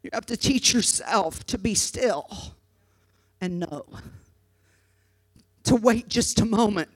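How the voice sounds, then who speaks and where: A woman preaching a sermon, telling a story dramatically and breaking into loud, shouted exhortations. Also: medium pitch, takes it slowly, slightly rough, rough recording.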